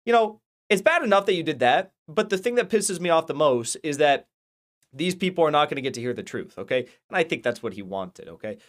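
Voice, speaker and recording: Brief: male channel host, somewhat high-pitched, rambling and heated, profane, casual rant. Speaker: political commentary channel host. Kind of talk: casual ranting commentary.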